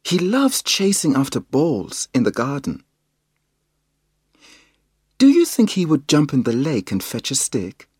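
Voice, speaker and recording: A man reading a storybook aloud, voicing an excitable young girl in a high, emphatic voice. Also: a little slow, pauses often, husky, no echo, clean studio sound, full character voice. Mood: excited.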